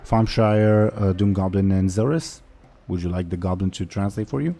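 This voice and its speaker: A man running a tabletop game as game master, narrating loosely and hesitantly with many pauses. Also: low voice, vocal fry, mellow, a little hiss or hum.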